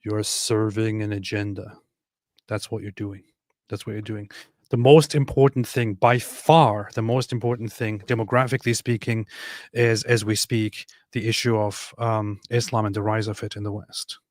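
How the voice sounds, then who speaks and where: Forceful, insistent male podcast host. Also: on the low side, fairly even intonation, normal speed, no room sound, studio quality. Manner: forceful, insistent, repeats points for emphasis. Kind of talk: opinionated podcast commentary.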